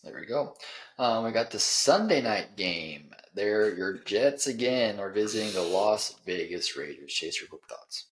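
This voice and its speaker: A man's voice: lowish voice, expressive, a little slow, a bit bright. A man hosting a sports podcast, leading the segments with dry sarcasm and a lot of ums. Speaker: podcast host. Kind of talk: casual sports chat.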